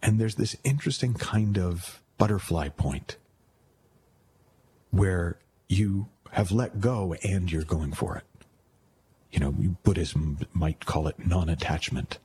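A man's voice: low voice, slow pace, a little mellow, a little hiss or hum. A man, a radio show host, telling stories in a rambling, casual way with many restarts. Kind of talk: casual storytelling.

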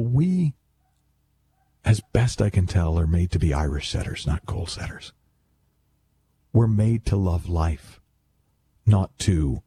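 A man's voice: low voice, warm tone, slightly rough. A man talking as a self-help speaker in a casual, reflective monologue, rambling and wry with many self-corrections.

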